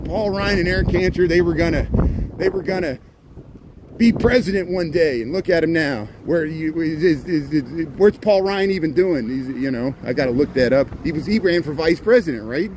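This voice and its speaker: A man's voice: a little high, lively intonation, normal speed. A man giving rambling, chatty walking commentary on city streets, with sarcastic asides, recorded on a handheld phone. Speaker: walking tour vlogger. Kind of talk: casual live-stream walking commentary. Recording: street noise and passing traffic.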